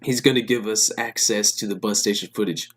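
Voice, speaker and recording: A man's voice: lowish voice, fairly even intonation, brisk, a bit bright, soft background music, natural voice. A man reading the lines of a young man searching for his father's killer in his own plain voice.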